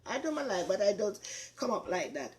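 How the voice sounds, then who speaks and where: A woman's voice: mid-range voice, big pitch swings, fairly quick. An older woman with a Jamaican accent, hosting a casual cooking chat and talking to viewers with lots of repetition. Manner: chatty, repeats herself, warm asides to viewers. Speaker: talk show host.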